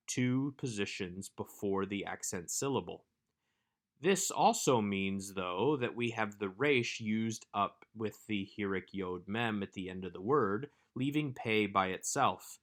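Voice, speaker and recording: A man giving a recorded workbook lesson as a Hebrew instructor, explaining grammar in a measured way. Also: fairly low pitch, a bit bright.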